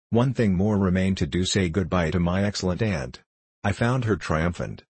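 A man reading a novel aloud as an audiobook narrator, in a measured and steady way. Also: low-pitched, husky, no room sound. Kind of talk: scripted storybook narration.

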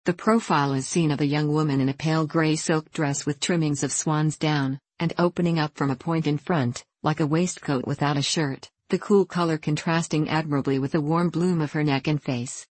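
A woman narrating a classic novel in a measured, literary reading. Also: sits low, steady tone, darkish tone, no echo. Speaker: audiobook narrator. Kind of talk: scripted narration.

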